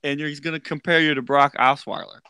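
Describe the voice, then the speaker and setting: Male co-host, bright, smooth voice, casual chat, frequent laughter. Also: fairly high pitch, fairly quick, no echo, studio quality. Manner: laughs often, stammers when excited. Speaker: podcast co-host.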